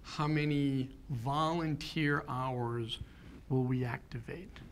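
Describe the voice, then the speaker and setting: A man's voice: mid-range voice, steady tone, slow pace, a little hiss or hum. A man in his fifties giving a keynote talk, telling a personal story in an earnest way and building to rhetorical questions. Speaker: keynote speaker.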